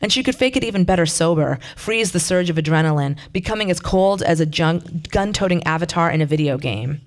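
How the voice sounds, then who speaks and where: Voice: medium pitch, animated, brisk. Plain voice reading fiction aloud. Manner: plain, conversational reading with brief asides. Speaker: reader.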